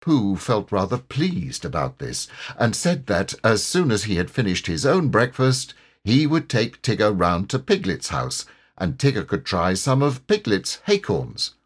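A man narrating a children's storybook audiobook in an expressive, measured way. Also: lowish voice, husky. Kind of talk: storybook reading.

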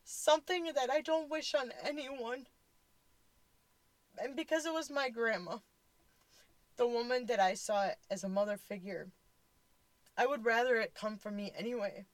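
A woman's voice: medium pitch, no echo, poor audio. A woman in her forties telling a personal story, blunt and candid, fighting back tears. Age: 40s. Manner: blunt, candid, swears casually. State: tearful, voice close to crying.

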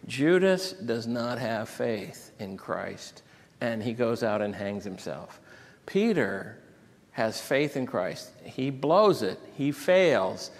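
A man pastor preaching a sermon, retelling scripture and a personal story with deep emotion. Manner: emotional storytelling, reads scripture aloud with rising intensity. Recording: long hall reverb.

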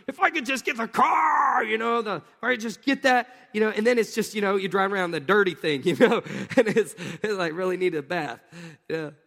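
A man in his thirties preaching a casual, animated sermon and putting questions to his congregation. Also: high-pitched, long reverb tail. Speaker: pastor.

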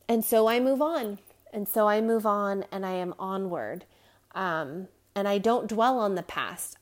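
A woman hosting a podcast, talking to listeners in a candid, rambling personal monologue with frequent fillers and small laughs. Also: medium pitch. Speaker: podcast host.

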